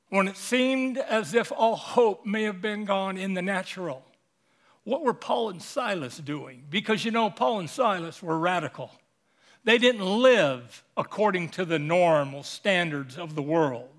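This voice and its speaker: A man preaching a sermon, animated and full of rhetorical questions put to the congregation. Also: sits high.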